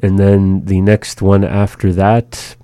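A man teaching phrases of his community's language on a radio show, speaking slowly and patiently and repeating each phrase for learners. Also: deep voice, monotone, mellow, a little hiss or hum.

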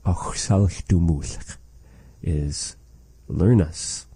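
Slow, patient man teaching words. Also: low-pitched, warm tone, breathy edge, no echo, rough recording. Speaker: language teacher. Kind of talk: teaching an Indigenous language lesson.

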